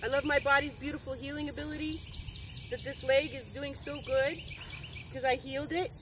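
A woman's voice: high voice, fairly even intonation, moderate pace, noisy background. A middle-aged woman, a well-being coach, talking casually and emphatically in a motivational vlog outdoors. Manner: earnest, affirming, emphatic. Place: outdoors in nature with birds.

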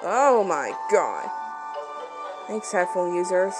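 A woman's voice: lowish voice, sing-song, slow, rough recording. A woman giving casual, rambling commentary while she plays a game, giggling and exclaiming often. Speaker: channel host playing a game. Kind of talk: casual let's-play commentary. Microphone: phone screen recording. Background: loud game music.

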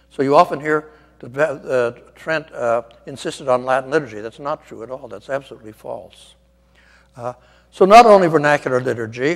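A man's voice: mid-range voice, in a large hall. An older man, a Catholic priest, giving an informal guest lecture in a church, rambling a little with wry asides and many ums. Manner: discursive, wry asides, frequent ums and restarts.

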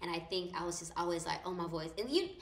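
A woman in her thirties with a raspy, slightly hoarse voice, a loud and laughing storyteller in a casual interview. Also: lowish voice, fast. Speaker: guest actor. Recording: echoey room, faint noise.

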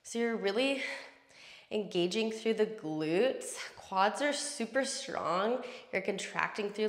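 Woman yoga teacher, mid-pitched voice, steady breath cues, roomy sound. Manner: calm, slow cueing of breath and poses. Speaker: yoga instructor. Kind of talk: guided yoga class instruction.

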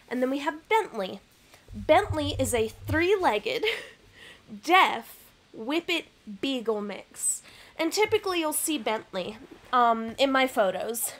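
High-voiced gal chatting on her home stream, bubbly and giggly, pokes fun at herself. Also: animated, slow. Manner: bubbly, laughs often, chatty and self-deprecating. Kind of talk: casual live-stream chat. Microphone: webcam and computer mic.

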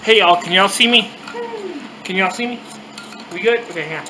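A woman's voice: medium pitch, fairly quick, bright, forceful tone, echoey room, a little hiss or hum, rough recording. A woman co-hosting a casual mukbang vlog, talking bluntly and swearing freely as she rants. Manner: profane, blunt ranting. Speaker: vlog co-host. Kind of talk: casual mukbang chat and rant.

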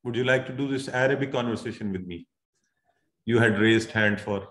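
A man's voice: on the low side, normal speed, fairly bright tone, reverberant. A man teaching an Arabic grammar class online, patiently explaining and calling on students. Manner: patient, drills students, calls on them by name.

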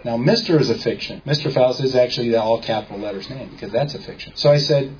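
A man speaks fast in a medium-pitched, slightly mellow voice, giving a casual seminar lecture to a small audience. He tells stories, quotes people in dialogue, and quizzes his listeners, all on a dull lo-fi recording with faint background noise.

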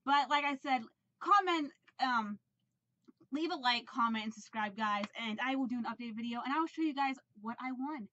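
A woman vlogger in a casual video, talking excitedly and rambling with many fillers and restarts. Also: fairly high pitch, brisk, highs cut off, a little hiss or hum. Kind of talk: casual vlog unboxing.

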